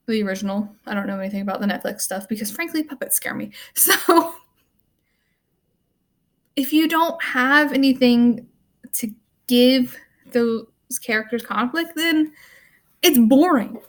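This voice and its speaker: A woman's voice: a little high, expressive, measured pace, long pauses. Rambling young woman ranting about a movie. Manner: rambling, full of "like" and "um"; offhand and wry. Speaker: student vlogger. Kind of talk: casual movie rant to camera.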